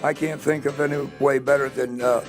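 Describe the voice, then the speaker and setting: A man's voice: mid-range voice, flat delivery, moderate pace, faint music behind. A middle-aged man talking as a guest on a local TV show, plainspoken and blunt, with hesitant fillers. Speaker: guest, auctioneer. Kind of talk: casual chat.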